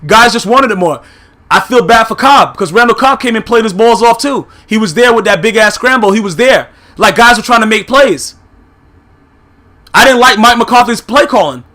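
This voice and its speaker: A man's voice: extremely high pitch, lively intonation, normal speed, bright, forceful tone. A man giving a heated, profane recap of football games, blunt and full of filler phrases. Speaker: YouTube sports commentator.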